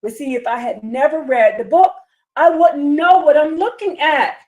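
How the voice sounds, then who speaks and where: A woman's voice: high voice, moderate pace, darkish tone. A woman hosting a religious commentary livestream, speaking in a heated, indignant preaching manner and repeating her rhetorical questions for emphasis. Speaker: livestream host.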